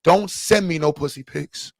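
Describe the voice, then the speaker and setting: A man's voice: a little high, unhurried, vocal fry, no echo. A man hosting a casual comedic reaction show, swearing and laughing in slangy banter. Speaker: podcast host.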